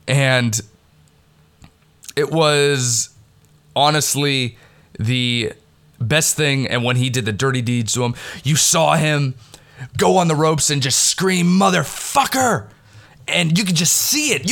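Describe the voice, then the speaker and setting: A man excitedly recapping a wrestling event in a rambling, casual way, swearing freely, recorded on a headset mic at home. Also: on the high side, slow, pauses often. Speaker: wrestling fan recapping a pay-per-view. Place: home recording in the Pittsburgh area. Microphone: headset mic with headphones.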